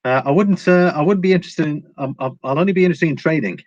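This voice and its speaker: A man with a fairly high voice talks quickly in a casual live stream, with no room sound. He reads viewer comments aloud and answers them, using lots of fillers and restarts. The audio is dull and lo-fi with a faint hiss.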